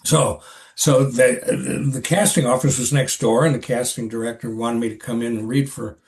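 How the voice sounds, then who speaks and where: An older man with a medium-pitched voice recounts an old experience in a relaxed interview. He talks in a halting, rambling way, circling back with fillers and restarts as he goes. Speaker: actor, podcast guest. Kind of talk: casual interview storytelling.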